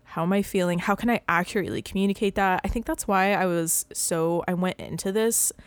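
A woman in her thirties co-hosting a relaxed podcast chat, her talk loose and rambling, peppered with "like" and little bursts of laughter. Her voice sits at an ordinary middle pitch for a woman, and the sound is dry and close, with no room echo. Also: clean tone. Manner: bubbly, rambling, full of "like" and quick laughs. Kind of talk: casual chat.

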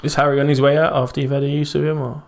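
A man hosting a casual interview podcast, asking quick, teasing questions. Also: a little high, little pitch movement, gravelly, slight background noise. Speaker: podcast host.

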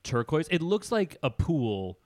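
A man's voice: a little high, big pitch swings, measured pace, a little mellow, dry recording. Rambling, enthusiastic man on a podcast. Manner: rambling, enthusiastic storyteller with fillers. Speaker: podcast co-host. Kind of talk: casual chat.

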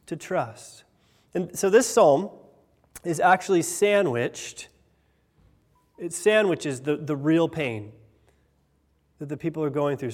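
A man in his thirties preaching a sermon as pastor, earnest, rising loud on key phrases and dropping soft on others. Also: a little high. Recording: long hall reverb.

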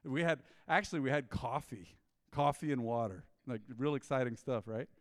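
A man's voice: mid-range voice, normal speed, dry recording, clean studio sound, big-room sound. A male pastor, preaching a conversational sermon and acting out the people in his stories. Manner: animated storytelling, mimicking people in quoted asides. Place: church.

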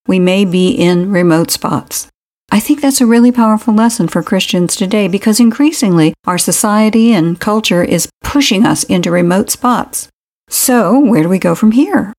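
A woman hosting, offering a calm, reflective devotional commentary. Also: mid-range voice. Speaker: host.

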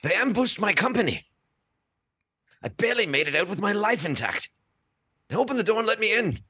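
A man doing a wounded imperial officer, high strained frantic pleas, stammering, dry close sound. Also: lively intonation, moderate pace, gravelly, bright, forceful tone, breathy edge, no echo, exaggerated voice. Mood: urgent. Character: panicked wounded male Imperial officer, pleading.

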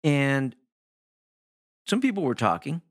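A middle-aged man hosting a solo podcast in a relaxed, chatty way. His pitch rises and falls widely as he talks, and he drops into short playful demonstrations of how others speak. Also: takes it slowly. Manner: animated, swooping delivery with playful demonstrations of voices. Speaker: podcast host, hypnotherapist. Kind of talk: casual solo podcast talk.

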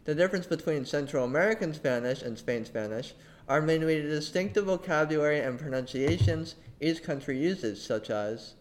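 A man who tutors Spanish, a podcast guest reading prepared explanatory answers in a measured way. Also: on the high side, expressive.

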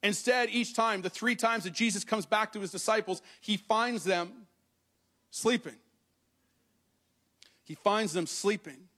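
Reading scripture aloud before a congregation in a church hall, a pastor explains it conversationally and speaks to them directly. His high voice is pushed and bright, moving at normal speed with hardly any pauses.

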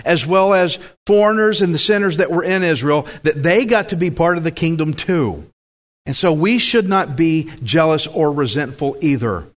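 Emphatic male preacher, fairly high voice. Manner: emphatic, asks the congregation questions. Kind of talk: sermon.

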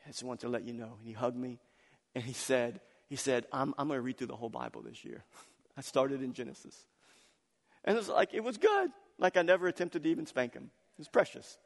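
A man preaching a sermon as pastor, telling family stories with laughter and swinging between loud, excited passages and soft, hushed ones. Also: medium pitch, brisk, vocal fry. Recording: long hall reverb.

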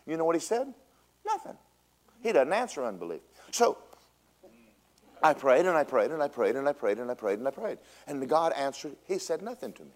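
A man, a pastor preaching a storytelling sermon in church, swinging from loud bursts to a hushed voice. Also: on the high side, a little fast. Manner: animated storytelling with big swings in loudness, drops to a hush. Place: church sanctuary.

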